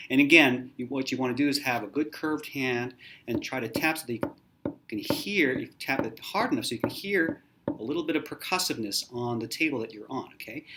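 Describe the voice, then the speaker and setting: A man's voice: medium pitch, fairly bright tone, a little hiss or hum. A man teaching piano in a casual video lesson, recorded in a hotel room, demonstrating exercises and counting finger numbers aloud.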